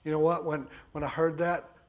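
High-voiced emphatic male preacher. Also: little pitch movement, moderate pace, noisy background. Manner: emphatic preaching, swings between soft low passages and raised bursts. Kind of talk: sermon.

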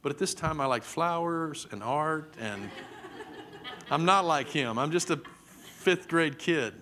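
A man's voice: fairly high pitch, lively intonation, unhurried, bright, forceful tone, a little hiss or hum. A middle-aged man, a preacher telling a story in a sermon, acting out the voices vividly. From Texas. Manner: vivid, dramatic storytelling with acted-out quotes.

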